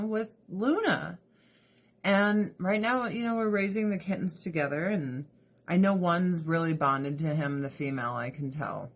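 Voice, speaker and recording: A woman talking to her viewers in a loose, rambling livestream chat. She is weepy and emotional, laughing between thoughts and swearing freely. Her delivery is slow and drawn out. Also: medium pitch. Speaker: vlogger.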